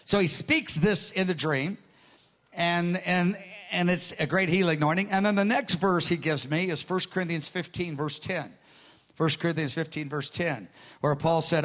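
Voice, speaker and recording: A man preaching a sermon, telling a story with lively quoted dialogue and repeating words as he starts phrases. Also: a little high, moderate pace.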